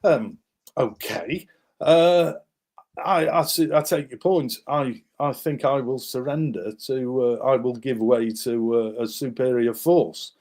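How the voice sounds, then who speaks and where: A man voicing a hesitant male German lieutenant who backs down, halting as he speaks. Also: mid-range voice, a little mellow, lightly acted. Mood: reluctant.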